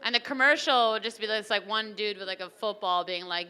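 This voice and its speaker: A young woman doing an animated, chatty stand-up comedy set at a wedding reception, acting out little characters. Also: mid-range voice, a little fast, hardly any pauses, clean tone.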